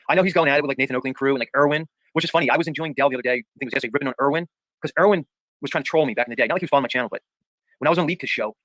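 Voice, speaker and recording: A man's voice: mid-range voice, fairly bright tone, no echo, low-quality recording. A man hosting a livestream panel in casual chat, reading viewer comments aloud and arguing his points emphatically, with lots of "dude" and "bro". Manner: argumentative, repeats points for emphasis.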